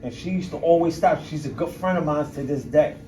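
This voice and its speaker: A middle-aged man speaks to a university audience in a blunt, streetwise manner, punching words with emphasis and swearing freely. His voice sits a little high for a man. It is picked up from some distance, so the room is heard around him. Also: fairly quick, mellow, slight background noise. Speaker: guest speaker. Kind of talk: candid storytelling talk to an audience.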